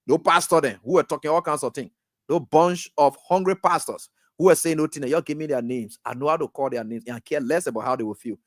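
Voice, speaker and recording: Liberian man, radio host, heated political commentary, high voice, dry close studio sound. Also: fast, no room sound. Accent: Liberian English. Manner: scolding, rhetorical, addresses the president directly. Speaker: radio talk show host.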